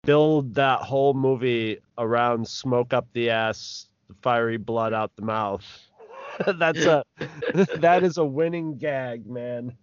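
Reviewing a movie on a podcast, this co-host wanders off on tangents and laughs mid-sentence, speaking slowly. His medium-pitched voice has a clean tone in a dry recording, but the overall audio is dull lo-fi.

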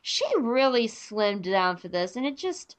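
A woman hosting a podcast in casual chat, talking in an animated, rambling way with frequent restarts. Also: mid-range voice, measured pace. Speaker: podcast host.

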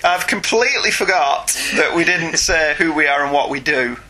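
A man's voice: a little high, animated, normal speed, bright, forceful tone, faint music behind. A man co-hosting a casual podcast, chatting and reading listener emails aloud. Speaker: podcast co-host. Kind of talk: casual chat.

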